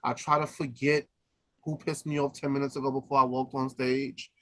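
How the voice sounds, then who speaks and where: A man who sings opera co-hosts a podcast, chatting casually, laughing easily, and trailing off and restarting as he tells stories. His voice is medium in pitch and fairly bright, with a level tone at a normal speed.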